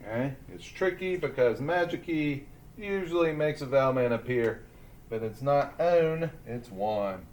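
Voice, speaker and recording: A man teaching a lesson to young children, speaking slowly and deliberately as he sounds out letters and syllables. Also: mid-range voice, darkish tone.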